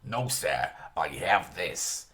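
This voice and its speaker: A man's voice: sits low, expressive, slow pace, a bit bright, pitched below the performer's own voice, heavily acted. A man voicing a humble, rumpled middle-aged male police detective who is politely apologetic. His voice drops well below his own.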